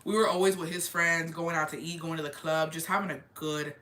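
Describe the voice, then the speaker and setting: A young woman casually and candidly retelling a family story, animated, with lots of "like" and quoted dialogue. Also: low-pitched, a little fast. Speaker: storyteller on a chat show. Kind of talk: casual chat.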